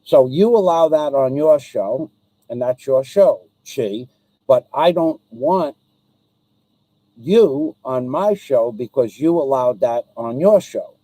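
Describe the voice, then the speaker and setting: A man's voice: medium pitch, lively intonation, takes it slowly, warm tone, no echo, poor audio. A man hosting his own live stream, speaking directly to a viewer in an aggrieved, repetitive way, with frequent ums and restarts. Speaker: livestream host.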